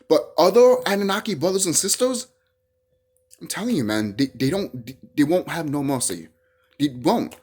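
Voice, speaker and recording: Vlogger, ranting solo to camera: husky voice, pitch swinging wide, profane and repetitive. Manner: heated, profane, repeats phrases and restarts.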